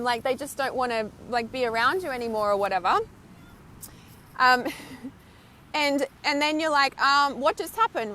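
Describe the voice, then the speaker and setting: A woman's voice: high voice, a bit bright. A woman mentor talking casually and with animation to her viewers, often asking "right?" and laughing between thoughts. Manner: emphatic, swears casually. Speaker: intuitive healer and mentor. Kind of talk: live stream talk to viewers. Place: outdoors, windy beach.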